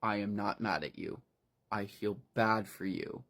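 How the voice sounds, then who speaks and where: A man reading the lines of a motherly young woman who gently reassures a broken man. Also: on the low side, measured pace, creaky, exaggerated voice. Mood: soothing. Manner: soft, reassuring.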